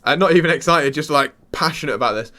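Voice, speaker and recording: Young man, slightly high voice, rambling crypto vlog talk, restarts sentences. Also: fast, bright, forceful tone. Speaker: crypto channel host. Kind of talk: casual excited commentary to camera.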